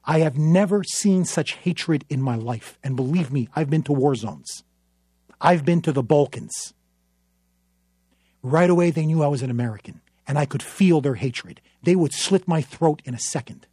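A man's voice: on the high side, expressive, normal speed, husky, no room sound, clean studio sound. A man, a newspaper columnist, telling a story in an impassioned public speech, emphatic and dramatic. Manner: emphatic, dramatic, building to forceful peaks.

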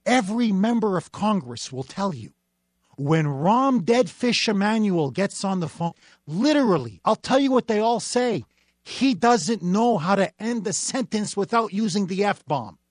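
A man hosts a talk radio show with a high, pointed voice, building an emphatic and indignant monologue. He is recorded close and dry in the studio, with no room sound around him. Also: animated, measured pace, dry recording.

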